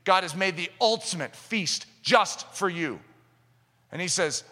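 A man preaching a sermon in an animated way, acting out little scenes and quotes in different voices. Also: high voice, unhurried. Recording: long hall reverb.

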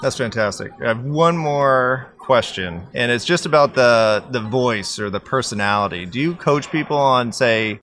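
A man's voice: medium pitch, expressive, normal speed, hardly any pauses, fairly bright tone. A man hosting a podcast interview, chatting casually and laid-back, laughing easily. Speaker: podcast host.

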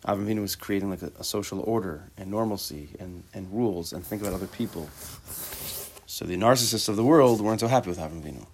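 A man's voice: low-pitched, fast talker, darkish tone, slight background noise. A man teaching a Torah class, talking casually, mixing Hebrew terms into his English and tossing out rhetorical questions and joking asides to his students.

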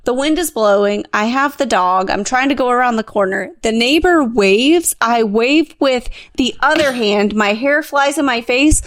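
A woman in her thirties co-hosting a podcast, telling an animated, self-mocking story in casual chat. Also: a little high, moderate pace, few pauses, dry recording. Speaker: podcast co-host.

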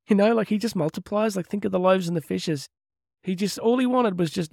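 In a brisk, creaky, darkish voice with a fairly high pitch, a middle-aged Catholic speaker hosts his podcast. His monologue is casual and heartfelt, earnest and chatty, with laughs and asides along the way. The clean studio sound has no echo.

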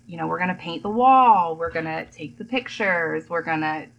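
A woman's voice: fairly low pitch, moderate pace, lo-fi sound. A young adult woman chatting casually on a podcast, telling stories and acting out quotes. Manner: chatty storyteller, acts out quotes. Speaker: home decor blogger, podcast guest.

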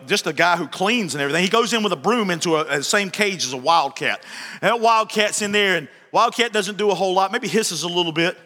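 A man's voice: a little high, bright, forceful tone, big-room sound. A man preaching a sermon as pastor, telling stories animatedly, joking and repeating phrases for emphasis.

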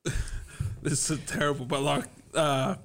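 A young Australian man with a higher-pitched voice, co-hosting a laid-back podcast. He jokes and teases a lot, and his speech is loose and full of fillers. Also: little pitch movement, a little slow, a bit bright. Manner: joking, teasing, loose filler-heavy phrasing. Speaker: podcast co-host. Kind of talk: casual chat.

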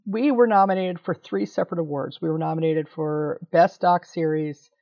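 A woman in her fifties telling an animated story as an interview guest, laughing often and swearing casually. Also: deep voice, normal speed. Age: 50s. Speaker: interview guest, documentary maker. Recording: dull lo-fi audio.

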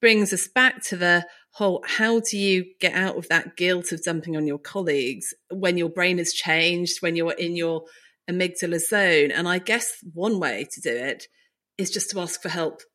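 A woman doctor on a podcast, talking in a lively, expressive way and telling stories as she chats. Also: fairly low pitch, normal speed. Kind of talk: podcast conversation.

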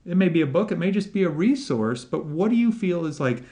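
A man hosting a podcast interview, talking in a relaxed, animated way and laughing often. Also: high voice, brisk. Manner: animated, laughs often, puts on voices in quotes. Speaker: podcast host. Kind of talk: casual interview chat.

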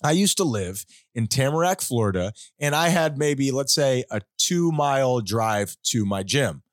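A man hosting a podcast, telling a rambling story in casual chat with animated, joking asides. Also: medium pitch, measured pace, no echo, clean studio sound. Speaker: podcast host.

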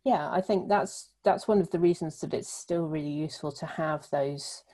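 A woman from the UK answers interview questions in a thoughtful, explanatory way. Her voice is low and mellow, and she pauses often on ums as she works through her points. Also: low-quality recording. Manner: thoughtful, filler-heavy explaining. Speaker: literacy researcher guest.

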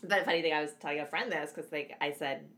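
A woman's voice: deep voice, quick pace, a bit bright. A young woman from Canada co-hosting a casual podcast, chatting and laughing often mid-sentence. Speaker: podcast co-host.

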